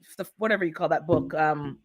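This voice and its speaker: A woman co-hosting a gardening live stream, chatting casually and telling stories with lively acted-out bits. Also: deep voice, a little fast. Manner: animated storyteller, acts out animal sounds. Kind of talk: casual chat.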